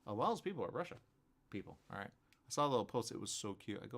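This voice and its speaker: A man's voice: fairly low pitch, quick pace, gravelly. A man hosting a live talk show, rambling through a monologue and acting out both sides of imagined conversations, with "right?" after many points. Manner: animated, acts out both sides of imagined dialogues, asks "right?" often.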